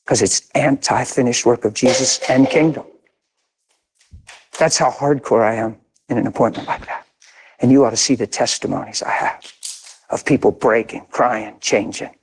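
A man's voice: medium pitch, normal speed, creaky, slight background noise. An older man preaching a sermon, telling a story with emphatic, intense repetition. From grew up in a city. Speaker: pastor.

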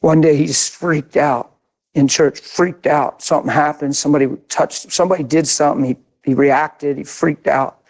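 A man's voice: fairly high pitch, steady tone, moderate pace, darkish tone. An older man preaching a sermon, telling a story with emphatic, intense repetition. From grew up in a city. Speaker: pastor.

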